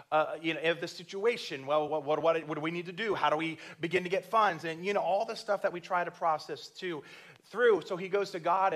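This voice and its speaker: A man's voice: on the high side, fairly bright tone. A man preaching a church sermon with passion, acting out prayers and the voice of God as he tells a story. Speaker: pastor.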